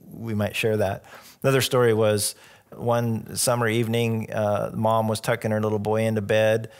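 Middle-aged male pastor, lowish voice, easygoing sermon storyteller who chuckles along. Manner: relaxed storytelling with jokes and soft laughs. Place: church.

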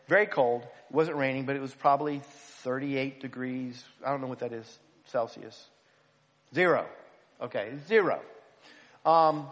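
A man, a pastor, telling a self-deprecating story in an animated, humorous way. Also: fairly high pitch. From United States. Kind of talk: storytelling sermon. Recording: long hall reverb.

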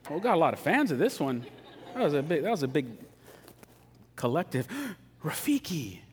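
A man gives a sermon in a casual, joking way, chatting with his listeners. His voice sits a bit high for a man, and a long reverb hangs on his words, as in a church sanctuary. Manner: casual, joking, conversational preaching. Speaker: pastor.

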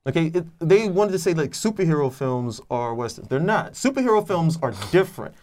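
A man's voice: on the high side, big pitch swings, a little fast, a little mellow. A man on a podcast, chatting casually about films in a rambling way with many restarts. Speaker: podcast co-host. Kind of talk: casual film review chat.

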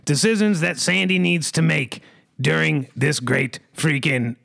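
A high, bright male voice with a gravelly edge, running an improv comedy game as game master. He announces each twist theatrically and leans on a rhyming catchphrase, with faint music behind him. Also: unhurried, no echo.

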